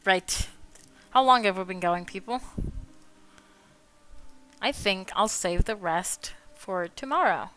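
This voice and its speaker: A woman's voice: mid-range voice, lively intonation, drawn-out words, long pauses. A woman streaming her drawing, chatting casually, swearing freely and laughing a lot as she rants in mock outrage. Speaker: artist streaming while drawing. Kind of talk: casual chat. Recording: soft music behind the voice.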